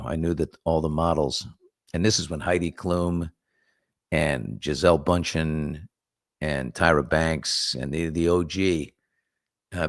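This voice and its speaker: A middle-aged man hosting a casual morning talk show, telling stories with lively acted-out quotes. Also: rumbling low. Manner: animated storyteller, acts out quotes and whispers. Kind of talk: casual storytelling chat.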